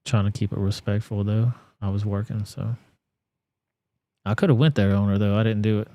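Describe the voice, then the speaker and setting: A man's voice: lowish voice, fairly even intonation, normal speed, mellow, no echo. A man with a Southern US accent hosting casual reaction commentary, blunt and profane. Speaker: commentary channel host.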